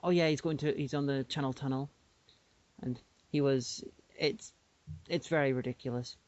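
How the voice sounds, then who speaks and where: A man's voice: mid-range voice, steady tone, moderate pace, a little mellow. A man co-hosting a podcast, explaining things in a rambling casual way with many restarts. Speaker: podcast co-host. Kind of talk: casual chat. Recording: dull lo-fi podcast audio.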